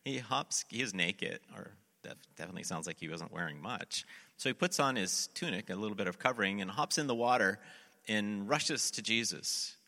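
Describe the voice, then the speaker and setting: A male pastor preaching a sermon, telling the story in an animated way and acting out the quotes. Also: lowish voice, moderate pace, gravelly, big-room sound.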